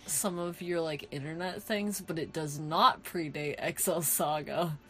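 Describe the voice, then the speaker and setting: A woman's voice: low voice, steady tone, unhurried, bright, forceful tone, faint music behind. A young woman in casual chat, teasing her friend in a dry, self-mocking way. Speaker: podcast co-host.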